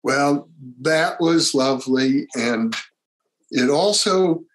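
Slow, gentle male interview host. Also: on the high side, rough recording. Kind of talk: interview hosting, reading viewer questions.

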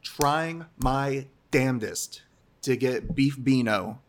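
A man co-hosting a podcast in casual chat, trading jokes and deadpan interjections. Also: medium pitch, takes it slowly. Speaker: podcast co-host.

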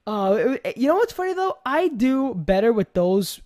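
A man's voice: extremely high pitch, moderate pace. Rambling young man with a New York accent. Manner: rambling, animated, swears casually, repeats himself. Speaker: podcast host. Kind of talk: casual podcast chat.

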